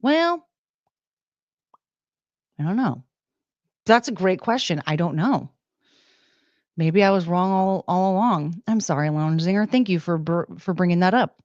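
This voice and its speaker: A woman's voice: fairly low pitch, animated, measured pace, pauses often, a little mellow, dry recording. Playful woman livestreamer, dry dull sound. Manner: playful, reads out super chats with beeping sounds. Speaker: livestream host. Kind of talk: casual livestream chat.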